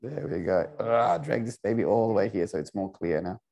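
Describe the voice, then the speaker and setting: A man teaching an Arabic class online, playful and coaxing, repeating words slowly for his students. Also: lowish voice, creaky, warm tone.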